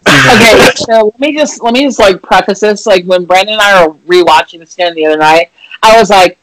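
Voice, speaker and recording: A woman talking casually about a movie, swearing freely and acting out scenes in loud outbursts. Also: medium pitch, brisk, dry recording, poor audio. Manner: animated, swears freely, acts out scenes loudly.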